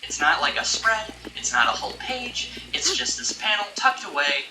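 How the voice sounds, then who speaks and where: A man's voice: fairly high pitch, sing-song, moderate pace, background noise. A man chatting casually as a podcast host, ranting with exasperated energy and breaking into laughs. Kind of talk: casual chat. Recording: echoey room, distant mic, music behind.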